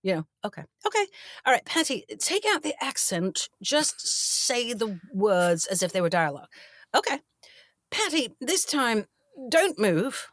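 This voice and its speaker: A middle-aged actress in a casual interview, telling stories and acting out the voices of the people in them. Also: female voice, fairly high pitch, measured pace, no echo, studio quality. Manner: animated, acts out quoted dialogue. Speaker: actress guest.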